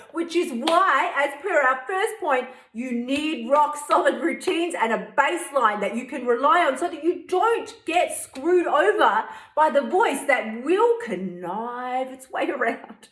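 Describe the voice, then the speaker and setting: A woman's voice: sits high, animated, unhurried, few pauses, a bit bright. A woman hosting a weight-loss coaching podcast, blunt, profane and fired-up. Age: 50s. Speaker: host. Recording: roomy echo.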